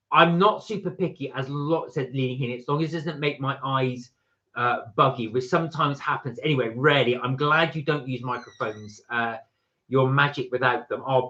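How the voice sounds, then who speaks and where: A man's voice: medium pitch, sharp tone. A man co-hosting a casual live stream, chatting with viewers and reading out their comments, rambling and correcting himself as he goes. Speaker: co-host of a live chat stream. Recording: dull lo-fi live-stream audio.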